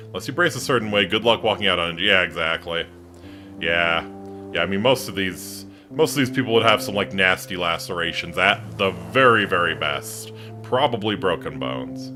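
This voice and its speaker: A man's voice: low voice, moderate pace, music in the background. A man giving casual, wry let's-play commentary while playing a game. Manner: wry, joking, animated.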